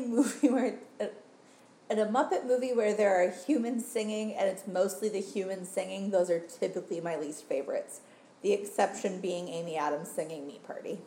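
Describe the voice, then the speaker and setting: A woman's voice: medium pitch, normal speed, dark tone, roomy sound. A woman co-hosting a casual film review podcast, making dry, wry remarks. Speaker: podcast co-host.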